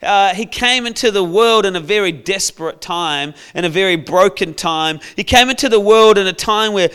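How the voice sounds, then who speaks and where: A male preacher tells a Bible story in a playful, storytelling manner. His voice sits fairly high for a man. The tone is smooth and clear. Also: moderate pace. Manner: storytelling, playful, acts out characters with shouts. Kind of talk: sermon.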